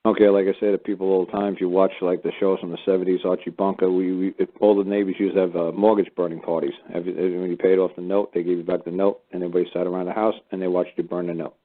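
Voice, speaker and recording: Man, call-in radio host, blunt, profane, rapid-fire, lowish voice, narrow phone-like sound. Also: little pitch movement.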